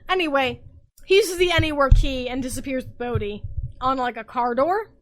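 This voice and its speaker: A woman's voice: high-pitched, normal speed, a bit bright, rough recording. A tipsy woman hosting a casual comic podcast, telling a story animatedly with lots of swearing and laughter. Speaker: podcast host.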